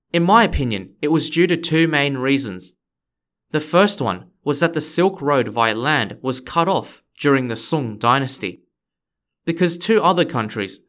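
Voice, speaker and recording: A man's voice: medium pitch, fairly bright tone. Man hosting a history podcast. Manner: friendly, explanatory, occasionally playful. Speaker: podcast host. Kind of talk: scripted history podcast narration.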